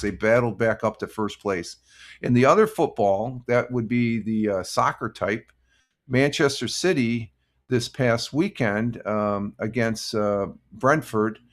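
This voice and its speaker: An older man hosting a casual morning live stream, rambling through sports results and greeting viewers in the chat with many fillers. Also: lowish voice. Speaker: livestream host.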